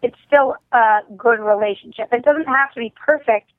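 A woman's voice: fairly high pitch, moderate pace, dry recording. A woman co-hosting a casual podcast about a TV drama, thoughtful and a little hesitant. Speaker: podcast co-host. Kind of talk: casual TV recap chat. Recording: tinny phone line.

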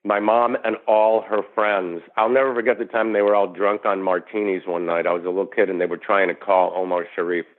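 A man's voice: on the low side, a little fast, few pauses. A man from New York, an actor guest on an interview, telling stories and acting out the quoted voices. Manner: animated storyteller who acts out quotes. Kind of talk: casual storytelling interview. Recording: tinny phone-line sound.

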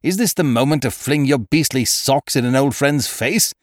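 This man's voice sits mid-range with lively intonation and ordinary speed, recorded clean in a studio without echo and lightly acted. He portrays an exuberant young schemer full of big plans, hearty and breezy in manner, who addresses others as "laddie" and "old horse."

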